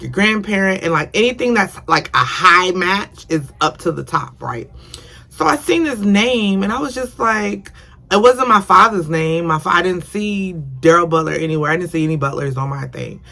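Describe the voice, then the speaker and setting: A woman's voice: on the low side, vocal fry, sharp tone. A young woman casually telling a personal story on her vlog, rambling and repeating herself, earnest and emotional. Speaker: vlogger.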